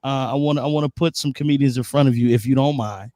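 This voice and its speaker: A man's voice: medium pitch, quick pace, mellow, no room sound. A man sitting in as host of a chat show, asking questions in an easygoing, casual way. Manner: easygoing, agreeing with short replies. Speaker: guest host. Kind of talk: casual interview.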